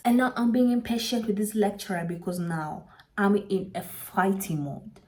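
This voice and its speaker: A young woman casually telling a personal story to her channel, chatty, sometimes dropping into soft whispers for emphasis. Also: on the low side, lively intonation, slow.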